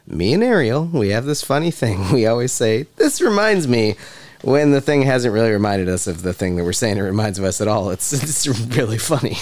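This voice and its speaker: A man's voice: mid-range voice, very animated, brisk, darkish tone, close to an everyday voice. An actor playing a sarcastic, menacing male police detective in a stage play reading, mocking and taunting. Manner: mocking, sing-song, taunting.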